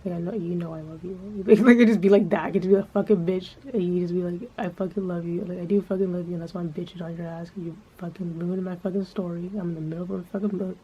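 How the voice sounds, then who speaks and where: A woman rambles casually to the camera in a lowish, flat voice, swearing often and leaning on filler words. The recording sounds dull and lo-fi, with faint noise in the background. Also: fast talker, hardly any pauses. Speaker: vlogger.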